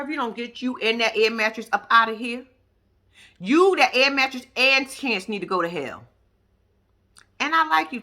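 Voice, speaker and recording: Woman vlogger, slightly high and bright, blunt and profane reality-TV recap. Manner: blunt, profane, animated storytelling. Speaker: YouTube reaction vlogger.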